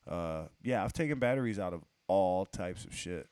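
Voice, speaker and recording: A man co-hosting a podcast, animated and joking, with plenty of swearing in casual banter. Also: sits low, moderate pace, clear, resonant tone, no echo. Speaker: podcast co-host. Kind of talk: casual chat.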